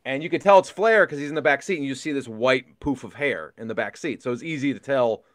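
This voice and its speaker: A middle-aged man co-hosting a podcast, telling a story in casual chat, excitable and swearing freely as he re-enacts moments. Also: mid-range voice, fast, no echo, clean studio sound. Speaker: podcast co-host.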